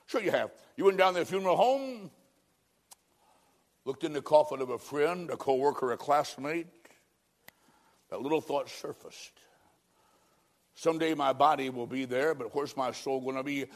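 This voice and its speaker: A man preaching an evangelistic sermon, telling a story and pleading with dramatic swings between loud and hushed. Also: a little high, moderate pace.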